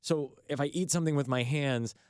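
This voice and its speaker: A man's voice: a little high, a little fast, a little mellow, smooth, no room sound, studio quality. A man co-hosting a morning radio show, chatting casually with a wry, teasing manner.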